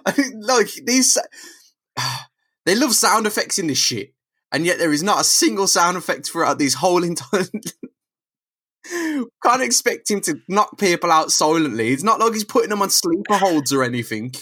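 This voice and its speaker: Man, podcast co-host, jokey riffing, bright voice, lively swooping pitch. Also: moderate pace. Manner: jokey, riffs on scenes. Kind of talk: casual comic-book chat.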